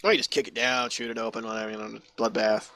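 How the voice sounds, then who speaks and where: A man's voice: medium pitch, level tone, fast, sharp tone. A man narrating as game master over voice chat, in a loose, chatty way with many fillers. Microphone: online voice chat mic.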